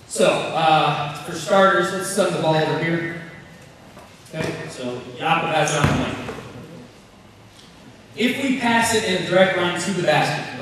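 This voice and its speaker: A basketball coach with a high voice runs a clinic, calling out quick repeated cues and joking with his players. He is picked up from far away in a big, booming gym with a long reverb tail. Faint room noise sits underneath. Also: fairly bright tone. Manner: calls out drill cues in quick repeated bursts; joking, encouraging. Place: large gym.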